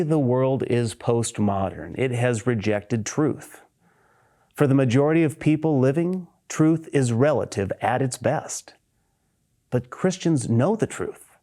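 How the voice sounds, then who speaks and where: A male preacher delivers a sermon with a mellow, darker tone. He reads scripture aloud and explains it earnestly, leaning into key words with a lift in pitch.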